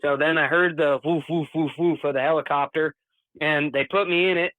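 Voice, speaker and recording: A man's voice: on the high side, fairly even intonation, normal speed, a bit bright, no room sound. A man guest in a casual interview, recounting a story in an earnest, plain-spoken way. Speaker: podcast guest. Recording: thin phone-like dry sound.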